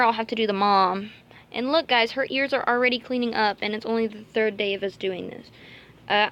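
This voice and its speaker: A woman's voice: mid-range voice, lo-fi sound. A woman chatting casually in a home vlog, rambling and cooing to her pet rabbits while filming with a handheld camera. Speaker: vlogger.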